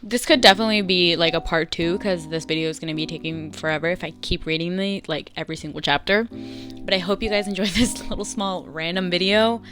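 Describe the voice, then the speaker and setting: Young woman vlogger, lower pitch, casual animated story recap, soft music bed. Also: quick pace. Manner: chatty, animated, acts out dialogue in bursts. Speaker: vlogger reading fanfiction aloud.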